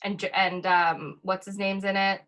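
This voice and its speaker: A woman's voice: mid-range voice, level tone, normal speed, a bit bright. A woman in casual conversation, reacting with incredulous questions. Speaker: podcast co-host. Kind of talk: casual chat.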